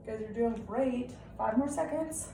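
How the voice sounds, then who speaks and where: A young woman with a warm, gravelly, fairly high voice teaches a live-style workout at home at normal speed. Her upbeat encouragement and frequent "okay?" check-ins sound distant and echoey, with a faint hiss underneath.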